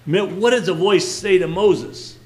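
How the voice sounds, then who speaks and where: A man whose voice sits high teaches a casual Bible lesson at a measured pace. He speaks conversationally as a Bible teacher, questioning his listeners and restarting often.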